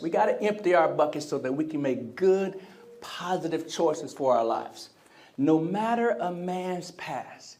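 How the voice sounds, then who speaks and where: A man delivering a motivational keynote in a convention center hall, his voice sitting a bit higher than most men's. He speaks with energy, keeps checking in with the crowd, and drops into other people's voices to act out little scenes. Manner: energetic, call-and-response with the crowd; acts out quoted voices. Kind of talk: live keynote speech to an audience.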